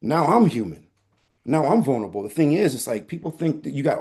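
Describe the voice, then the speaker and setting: A man who works as a teaching artist, talking as a guest in a casual conversation and telling stories in a playful, candid, animated way. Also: mid-range voice, fast, breathy edge.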